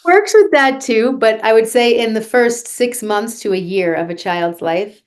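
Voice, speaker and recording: A woman's voice: a little high, measured pace. A woman vocal coach being interviewed on a podcast, talking earnestly and guiding listeners through a breathing exercise.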